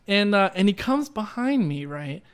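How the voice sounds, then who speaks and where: Rambling young man, slightly high voice. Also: very animated, normal speed, clean tone. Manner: rambling, lots of "like" and "right?", laughs while telling. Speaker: podcast co-host. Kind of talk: casual chat, storytelling.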